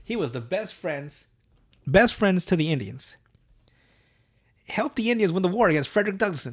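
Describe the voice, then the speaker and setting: A man's voice: high voice, animated, normal speed, voice pushed up. A man doing an unhinged middle-aged schoolteacher. He rambles on in a lilting, raised voice, confident and off the rails. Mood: rambling.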